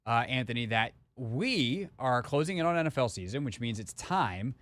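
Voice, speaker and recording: A man's voice: mid-range voice, a bit bright, no room sound. A man hosting a live sports radio show, talking casually with lots of fillers and restarts in a studio. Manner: conversational, rambling with fillers and restarts.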